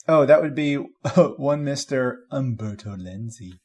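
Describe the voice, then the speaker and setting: Wry, slightly husky man co-hosting a podcast. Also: medium pitch, animated, unhurried, a little mellow. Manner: wry, laughs often. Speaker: podcast co-host. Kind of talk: casual movie review chat.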